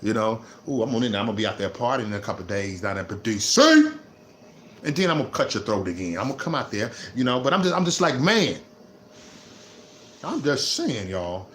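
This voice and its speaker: A man ranting on his vlog, repeating himself and swinging between low muttering and loud laughing outbursts. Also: sing-song, a little fast, slight background noise. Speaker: vlogger. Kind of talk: unscripted livestream rant.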